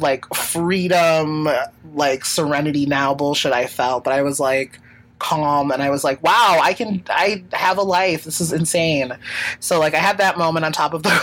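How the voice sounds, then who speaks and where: A woman's voice: low-pitched, a bit bright, rough recording. Woman, podcast host, casual storytelling, rambling, many fillers, casual swearing. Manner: rambling, lots of fillers and restarts; swears casually, laughs while telling.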